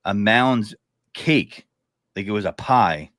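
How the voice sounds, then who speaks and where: A man's voice: fairly low pitch, lively intonation, slow, a bit bright, dry recording, studio quality. A man co-hosting a podcast in casual chat, telling stories in a laid-back way and laughing as he talks. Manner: laid-back storyteller, laughs while talking. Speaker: podcast co-host.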